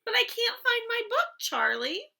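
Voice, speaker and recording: A woman voicing an eager, insistent little girl who is excitable and obsessed with one book. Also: very high voice, measured pace, creaky, pitched above the performer's own voice, heavily acted.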